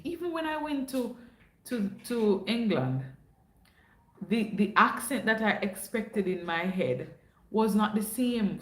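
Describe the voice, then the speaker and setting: A young woman with a Jamaican accent, hosting a casual livestream chat and telling stories, slipping into patois now and then. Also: mid-range voice. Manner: chatty storyteller, drops into patois. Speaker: livestream host. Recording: echoey room.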